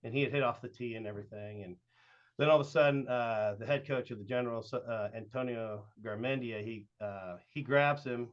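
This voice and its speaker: A man's voice: mid-range voice, brisk, highs cut off. A middle-aged man from Southern Oregon, a youth baseball coach and podcast guest, telling long casual stories with lots of fillers. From Southern Oregon, USA. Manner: rambling, with frequent "uh" and "like", acting out quoted dialogue.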